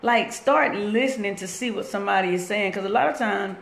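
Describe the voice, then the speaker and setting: A woman's voice: medium pitch, a little fast, creaky. A woman giving a casual motivational talk on a phone live stream from her workplace, rambling and conversational. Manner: rambling, loose and conversational, breaks off to greet viewers. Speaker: inspirational speaker on a live stream. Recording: echoey room with faint background noise.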